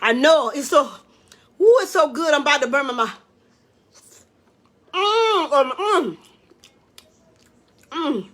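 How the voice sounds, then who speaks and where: A woman, chatting excitedly to viewers while cooking in her home kitchen. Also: high-pitched, moderate pace. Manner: excitable, exclaims with food, talks to viewers as y'all and baby. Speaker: home cook hosting a live cooking stream. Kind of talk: casual live cooking chat.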